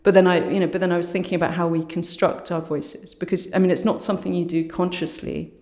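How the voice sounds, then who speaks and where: A woman artist with a low voice, speaking thoughtfully as an interview guest and often saying "you know" and "sort of". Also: flat delivery, fast talker, a little mellow. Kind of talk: reflective conversational interview. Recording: roomy echo.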